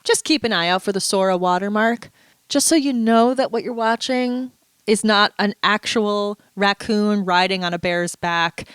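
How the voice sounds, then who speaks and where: A woman's voice: mid-range voice, moderate pace, a bit bright, smooth, no room sound. A woman vlogger in a casual, chatty monologue, playful and full of asides, a little stuffy and under the weather. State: stuffy, feeling unwell.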